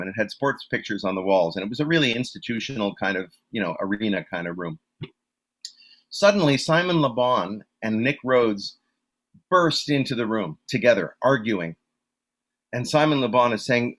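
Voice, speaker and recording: A man telling stories as an interview guest, in a relaxed voice of middle pitch. He rambles through fillers and restarts and pokes fun at himself. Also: moderate pace. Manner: rambling, self-deprecating, many fillers and restarts. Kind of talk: casual storytelling interview.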